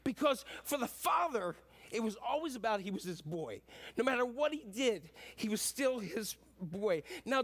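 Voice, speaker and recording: A man's voice: sits high, a bit bright. A man in his fifties preaching a sermon, joking at his own expense in a folksy, rambling way. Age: 50s. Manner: self-deprecating, folksy storytelling with many fillers. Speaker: pastor.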